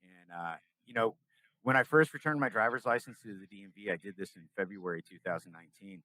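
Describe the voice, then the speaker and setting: Low-voiced man telling a story. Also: a little fast, no echo, rough recording. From California, US. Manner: animated storyteller acting out dialogue. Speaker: podcast guest. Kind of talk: casual storytelling interview.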